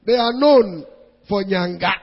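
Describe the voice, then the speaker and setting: Nigerian man, middle-aged, husky high-voiced preacher, dull lo-fi hall recording. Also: a little slow. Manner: animated storytelling in Nigerian Pidgin mixed with English, acting out voices. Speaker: pastor. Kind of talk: preaching sermon to a congregation.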